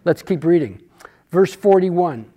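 A man's voice: high-pitched, animated, a little slow, dark tone. A man teaching a Bible study class, talking through a passage conversationally and asking rhetorical questions.

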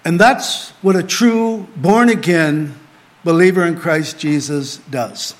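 Male pastor, middle-aged, slightly high voice, earnest sermon delivery with emphatic rises and hushed asides. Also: takes it slowly. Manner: earnest preaching, rising emphatic then dropping to quiet asides. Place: small group gathering.

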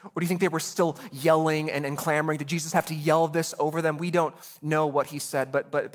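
A man preaching a sermon as pastor, animated, acting out voices in the story with quick asides. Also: fairly high pitch.

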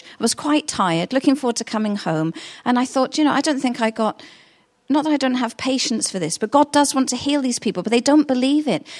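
A middle-aged woman preaching a sermon, telling stories in a chatty, earnest way. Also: fairly high pitch. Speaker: pastor.

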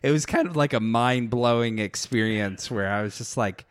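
A man chatting casually as a podcast co-host, telling relaxed stories and swearing now and then. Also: medium pitch, moderate pace, smooth, no room sound, studio quality. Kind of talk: casual conversation.

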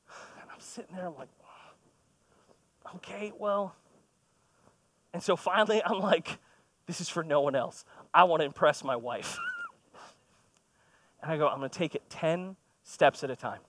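A man's voice: sits high, a bit bright. A man in his thirties preaching a sermon in a conversational, storytelling way, with self-deprecating humor. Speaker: pastor. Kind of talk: sermon with personal stories.

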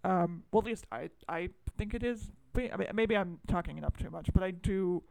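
Podcaster with a gravelly voice, rambling movie review chat, dry close mic, swears a lot. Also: medium pitch, fairly quick, darkish tone, dry recording. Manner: rambling, self-deprecating, swears freely. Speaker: podcast co-host.

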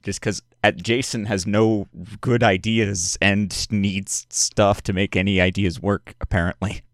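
Low-voiced man plotting a game plan. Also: level tone, measured pace, no echo, clean studio sound. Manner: planning, self-mocking, laughing. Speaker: player. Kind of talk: casual tabletop game chat.

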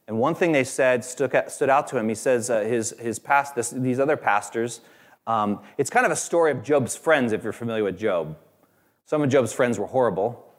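A man preaching a sermon in a conversational, halting way with many fillers, lifting his voice when he quotes other people. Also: mid-range voice. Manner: voice rises and grows louder when quoting others. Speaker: pastor.

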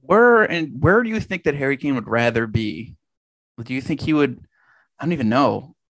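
A man's voice: mid-range voice, expressive, normal speed, a bit bright, no echo. A man co-hosting a casual football podcast, rambling and restarting his sentences, swearing now and then. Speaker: podcast co-host. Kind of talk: casual sports chat.

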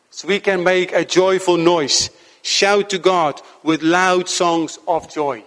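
A man preaching a sermon to his congregation in an earnest, measured way, slowing down to stress key points. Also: sits high, fairly even intonation, fairly bright tone, long reverb tail. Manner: earnest, measured preaching with slow emphatic stretches.

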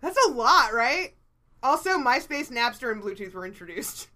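A woman's voice: fairly high pitch, sing-song, moderate pace, bright, forceful tone. A woman co-hosting a casual chat podcast, talking freely with plenty of swearing and laughter. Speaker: podcast co-host.

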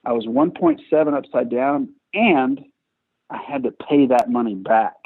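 A man's voice: medium pitch, unhurried, slightly rough. Man telling stories over a tinny line. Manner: lively, self-mocking, chatty with many restarts. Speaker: guest entrepreneur. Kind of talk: casual storytelling interview. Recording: tinny phone-like line, dry.

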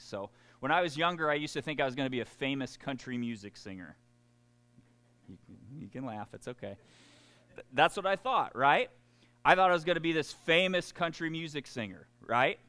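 A man preaching to his congregation in a loose, conversational way, full of restarts and self-deprecating asides. His voice sits a bit high for a man and swings widely in pitch. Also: fairly bright tone. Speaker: pastor. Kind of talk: sermon.

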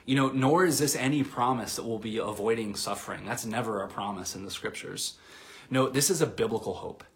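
A man preaching a sermon to his congregation in a relaxed, conversational way, with fillers and restarts, sometimes dropping to a soft near-whisper. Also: mid-range voice, a little fast. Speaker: pastor.

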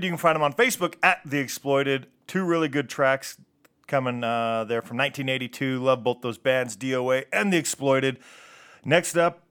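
A relaxed man introducing tracks on a punk radio show, his voice sitting at an ordinary middle pitch. He talks loosely and rambles, stumbles over tricky names and throws in the odd swear. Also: clean tone. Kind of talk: casual radio show talk between songs.

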